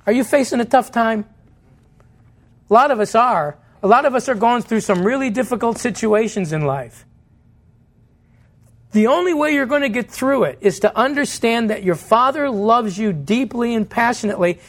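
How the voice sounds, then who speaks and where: A man with a high, light voice preaches a sermon in church. He speaks earnestly, putting questions to his listeners and answering them himself. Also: lively intonation, moderate pace. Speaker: pastor.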